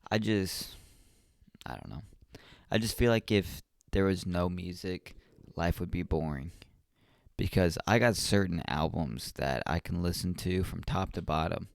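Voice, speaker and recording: Young male podcast host, slow and rambling, reflective, dry close sound. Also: sits low, gravelly, no room sound. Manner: rambling and reflective, with many ums and restarts. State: yawning often. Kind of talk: casual solo podcast talk.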